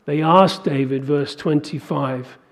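A man preaches slowly in a high voice. Each point gets driven home with emphasis, his delivery rising to forceful peaks.

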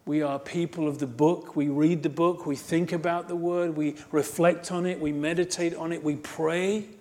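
A man's voice: on the high side, level tone, moderate pace, a little mellow. A man preaching a sermon as pastor, emphatic, building to fervent exhortation and repeating phrases in rhythmic lists.

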